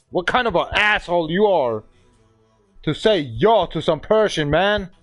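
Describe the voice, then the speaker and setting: A man's voice: high voice, animated, a little slow, dry recording, soft background music. A man from Bavaria with a German accent, ranting profanely and hurling insults at another player during a gaming livestream. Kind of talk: angry livestream rant.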